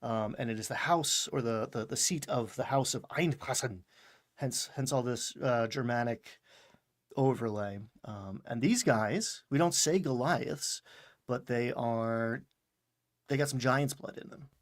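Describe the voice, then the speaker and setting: Guy hosting a recap podcast, talks loose and rambly, laughs a lot, average pitch. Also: a little slow. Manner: chatty, rambling, laughs often, acts out lines in voices. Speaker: podcast host recapping a show. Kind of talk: casual chat.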